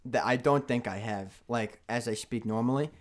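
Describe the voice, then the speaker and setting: A man's voice: mid-range voice, moderate pace. A young man with a heavy New York accent, chatting talkatively as a podcast co-host. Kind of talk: casual chat.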